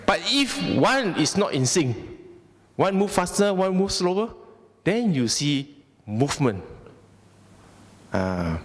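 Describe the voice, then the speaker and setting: A Malaysian man giving a conversational Buddhist Dhamma talk, often asking the audience questions. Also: fairly high pitch. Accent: Malaysian English. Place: temple hall. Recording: long hall reverb.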